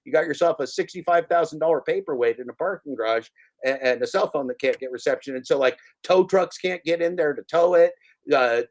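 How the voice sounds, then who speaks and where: Casual male host, profane, rambling, excitable, mid-pitched. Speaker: show host. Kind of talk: casual chat.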